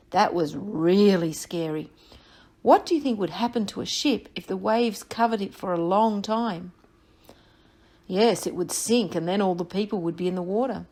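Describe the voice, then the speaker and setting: A woman teacher with a fairly high-pitched voice reads a Bible story aloud to young children. She tells it expressively and puts questions to her listeners.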